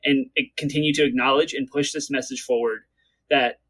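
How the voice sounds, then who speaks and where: A man's voice: mid-range voice, steady tone, a bit bright, low-quality recording. Earnest male podcast co-host. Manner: earnest, talks quickly to get through points. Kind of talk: casual podcast chat.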